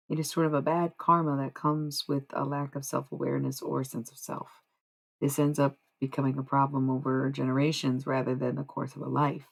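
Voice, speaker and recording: A live streamer chatting casually with viewers, swearing and laughing freely, and reading spiritual passages aloud slowly and deliberately. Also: mid-range voice, creaky, rough recording.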